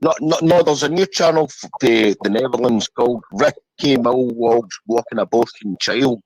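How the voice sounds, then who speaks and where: A hesitant man from England calls into a live stream. He stammers and restarts, in a mid-pitched voice recorded dry and close. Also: normal speed, no echo, poor audio. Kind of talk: casual call-in chat.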